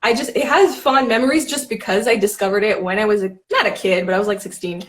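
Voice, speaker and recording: A woman's voice: mid-range voice, fast talker. A woman hosting a casual chat, rambling and laughing often as she talks. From Canada. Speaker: host.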